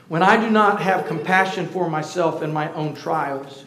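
A man's voice: on the high side, fairly even intonation, a little fast, few pauses, fairly bright tone, slight background noise. A middle-aged man preaching a sermon as pastor, talking conversationally and calling out to his congregation. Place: church sanctuary. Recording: roomy echoey hall.

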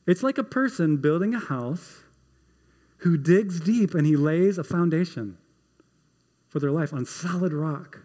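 A man's voice: a little high, lively intonation, a little slow, warm tone, big-room sound. A middle-aged man preaching a sermon as pastor, conversational and emphatic, with repeated phrases and a self-deprecating touch.

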